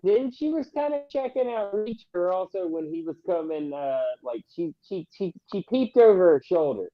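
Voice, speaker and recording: A man who is a podcast guest, giving blunt opinions in a halting, casual way over dull lo-fi audio. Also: high-pitched, animated. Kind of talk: casual chat about a TV show.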